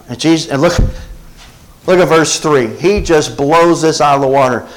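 A man delivers a sermon in a slightly high voice. He preaches with call-and-response asides to his congregation. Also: moderate pace, rough recording. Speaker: pastor.

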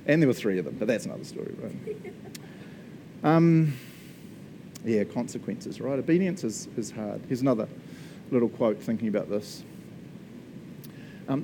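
A man with a New Zealand accent preaching a lively, playful sermon, laughing often and now and then shouting for joy. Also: medium pitch, normal speed, pauses often, slight background noise.

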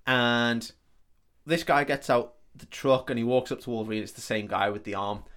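A man's voice: mid-range voice, moderate pace, fairly bright tone, a little hiss or hum. A man co-hosting a podcast, recapping a film in casual, sweary chat. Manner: swears freely, laughs while telling. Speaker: podcast co-host.

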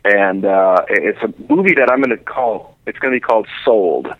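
A man's voice: lowish voice, lively intonation, moderate pace, dry recording, narrow, tinny audio. A man calling in to a radio chat as a film director, joking and self-mocking.

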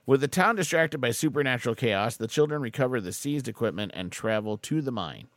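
A middle-aged man hosting a podcast, reading out a plot summary and then riffing on it in a joking, animated way, laughing often. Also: medium pitch, fairly quick, no echo. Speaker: podcast host. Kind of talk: casual chat recapping a film.

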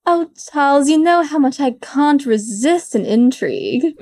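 A woman's voice: high voice, animated, a little slow, mellow, no echo. A woman voicing a wealthy, fashionable young woman with an airy, genteel manner.

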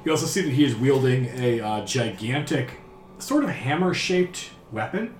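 A man working as game master, narrating a tabletop game in a descriptive, unhurried way with filler words. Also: medium pitch, animated, a little hiss or hum. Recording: roomy echo with faint music.

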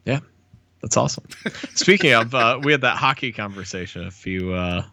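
A man's voice: mid-range voice, animated, normal speed, bright, forceful tone, no echo. A man co-hosting a podcast in easygoing casual chat, often laughing and hesitating with "uh". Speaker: podcast co-host.

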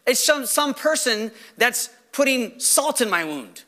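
A man preaching a sermon as pastor, animated, firing rhetorical questions and acting out quoted voices. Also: very high voice, takes it slowly.

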